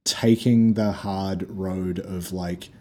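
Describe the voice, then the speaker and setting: A man's voice: low-pitched, steady tone, takes it slowly, dark tone, a little hiss or hum. A man co-hosting a podcast, chatting casually about a video game in a loose, rambling way with lots of fillers and restarts. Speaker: podcast co-host.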